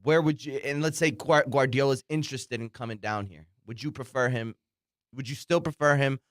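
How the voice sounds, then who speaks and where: Calm man debating soccer. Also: mid-range voice, brisk, dry recording, clean studio sound. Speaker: podcast co-host. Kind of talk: casual sports debate.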